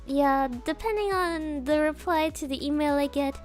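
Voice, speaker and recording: A woman streamer with a high, playful voice reads out donations and chats casually with her viewers. She sounds a little sniffly, as if she has just been crying, and she sprinkles Japanese words into her talk. Soft music plays faintly behind her. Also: normal speed. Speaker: VTuber streamer. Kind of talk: casual livestream chat, reading donations.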